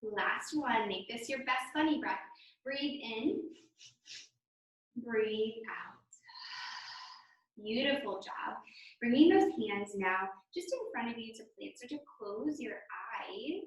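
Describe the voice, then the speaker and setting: A young woman leads a children's yoga lesson with gentle, encouraging cues. She talks slowly in a slightly high voice. The sound is distant and echoey, as if she stands well away from the mic in a bare room. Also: lively intonation. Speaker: kids yoga teacher.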